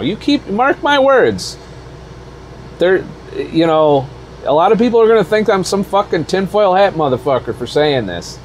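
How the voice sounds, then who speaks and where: A man's voice: on the high side, darkish tone, slight background noise. Profane, fired-up man ranting. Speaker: truck driver vlogger. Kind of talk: heated vlog rant. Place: out on the road.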